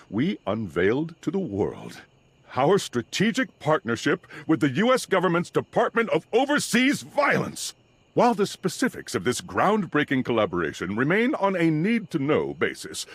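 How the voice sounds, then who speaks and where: An actor playing a pompous male corporate CEO giving a grand keynote speech in a video game, in a husky voice. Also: medium pitch, heavily acted. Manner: grandiose, upbeat announcer delivery.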